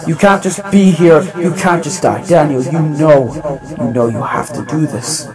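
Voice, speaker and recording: A man voicing an ancient male entity who speaks slowly and solemnly, over music. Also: a little high, close to an everyday voice. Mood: pleading. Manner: slow, solemn, measured.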